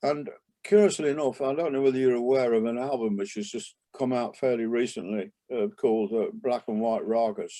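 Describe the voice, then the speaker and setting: Older man, mellow reminiscing voice. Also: mid-range voice, a little fast. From England. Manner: rambling, with many restarts and asides. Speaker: interview guest, jazz trumpeter. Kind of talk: relaxed reminiscing interview talk.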